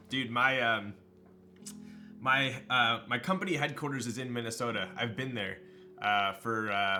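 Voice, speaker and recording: A young man from Southern California chatting casually with viewers on a live stream, relaxed and slangy, full of fillers like "um" and "like", with light music playing behind him. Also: medium pitch. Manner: laid-back, slangy, with frequent fillers and laughs.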